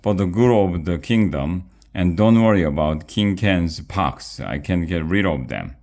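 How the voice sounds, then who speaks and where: A man's voice: deep voice, expressive, measured pace, darkish tone. A man reading aloud, voicing a brave, helpful female pig in a children's story with a slightly raised voice. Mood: earnest.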